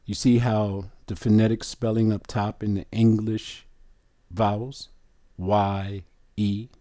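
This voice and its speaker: A man with a lowish, mellow voice teaches a religious lesson at a very unhurried pace. He hammers each point home and keeps asking the listener whether they follow. The sound is dry and close, with no room around it. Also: flat delivery, no echo. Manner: slow, emphatic, questioning the listener.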